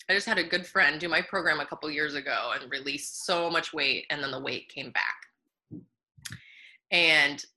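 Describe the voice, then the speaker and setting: A woman nutritionist talking in a casual interview, bubbly and animated, laughing often between thoughts. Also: sits low.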